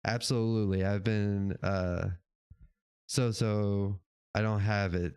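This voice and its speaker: A man's voice: lowish voice, fairly even intonation, slow pace, darkish tone, clear, resonant tone, dry recording, clean studio sound. A man hosting a casual livestream show, chatting with his chat in a laid-back, rambling way, swearing now and then and laughing often. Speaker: podcast host reading live chat.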